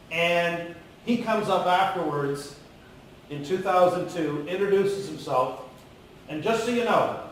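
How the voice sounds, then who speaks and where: A man giving a live motivational business talk in a large room, animated and coaxing the audience to call out answers. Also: high voice, a little hiss or hum. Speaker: keynote speaker. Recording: very echoey hall, far from the mic.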